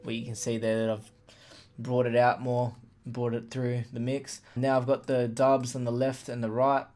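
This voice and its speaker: A man casually walking through how he built a hip hop track, plain-spoken and relaxed, with fillers like "like" and "literally". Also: mid-range voice, normal speed, soft background music. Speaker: music producer explaining a beat. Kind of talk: casual tutorial walkthrough. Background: faint playback of his beat.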